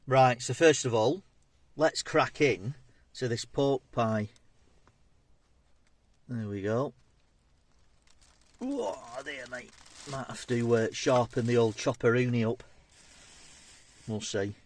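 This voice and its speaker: A man's voice: mid-range voice, takes it slowly, long pauses, no room sound. A man, chatting casually as he tastes and reviews food on his vlog. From England. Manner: chatty, matey, talks between bites. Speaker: food vlogger.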